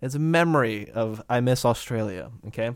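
A man from the United States rambles through a story on a podcast, cracking jokes and laughing as he goes. His voice sits at a middle pitch for a man, and the recording is dry and close. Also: moderate pace, no echo. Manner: jokey, rambling, laughs often. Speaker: podcast co-host. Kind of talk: casual storytelling chat.

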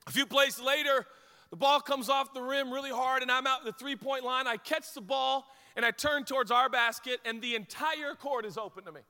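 Speaking at a normal pace in a church sanctuary, this man has a very high voice that rings out with a long reverb tail. He's a pastor from Washington state, USA, delivering a sermon built around a joking, self-deprecating tale and lively anecdotes.

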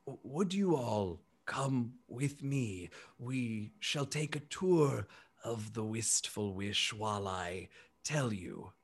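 A man voicing an excitable elephant-like male alien who speaks slowly and softly, with pauses. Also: medium pitch, slightly rough, exaggerated voice. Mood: gentle, earnest. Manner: slow, hesitant, soft-spoken.

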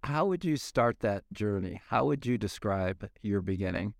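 A man's voice: fairly low pitch, animated, normal speed, creaky, no echo, clean studio sound. A man co-hosting a podcast, joking around and asking the guest questions. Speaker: co-host. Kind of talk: podcast interview.

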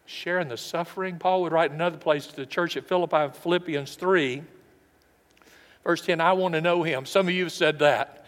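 An older man preaching a sermon as the pastor, emphatic and rising for stress, then dropping to hushed asides. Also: on the high side, steady tone, a little fast, in a large hall. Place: church sanctuary.

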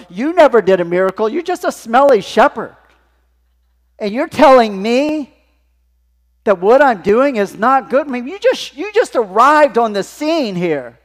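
A man's voice: fairly high pitch, normal speed, few pauses, in a large hall, natural voice. A man voicing a proud, defensive male leader who protests indignantly. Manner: indignant, rising, mocking.

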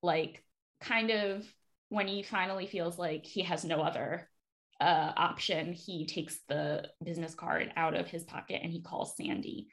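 A woman co-hosting a podcast, chatting casually as she recaps a TV episode, relaxed and full of fillers. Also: lowish voice, unhurried, vocal fry. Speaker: podcast co-host.

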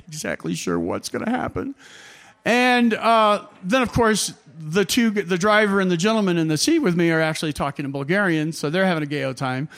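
High-voiced man telling a rambling travel tale. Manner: animated storyteller, chuckling often; loose, rambling phrasing with many fillers. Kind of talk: personal travel anecdote.

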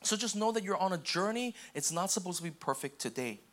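A young man preaching a sermon in an easygoing, conversational way, often checking in with the congregation and acting out quick voices. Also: high-pitched, expressive, fairly bright tone. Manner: casual, repeats okay and restarts, acts out quoted voices. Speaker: pastor.

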